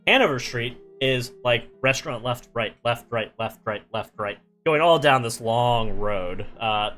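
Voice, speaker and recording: A man's voice: mid-range voice, measured pace, fairly bright tone, soft background music. A young man streaming while he draws, telling a travel story in a rambling, casual way with many fillers and restarts.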